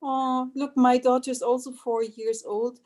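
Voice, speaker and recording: Woman host in her 30s, casual podcast chat, fairly high voice, sympathetic, loose delivery. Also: flat delivery, measured pace, darkish tone. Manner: sympathetic, loose, full of fillers and restarts.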